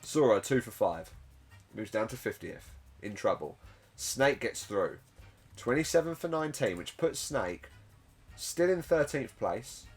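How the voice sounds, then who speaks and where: A man giving casual, chatty commentary on a computer-run fighting game tournament, excitable with joking self-mocking asides. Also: mid-range voice, a little slow, breathy edge, soft background music.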